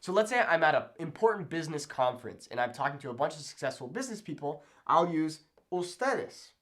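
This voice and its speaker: An upbeat young man teaching at a whiteboard, his pitch bouncing up and down as he explains. He talks in a friendly, chatty way and keeps checking in with the listener. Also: animated, fast, fairly bright tone. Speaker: Spanish teacher. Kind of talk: whiteboard language lesson. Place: room with a whiteboard.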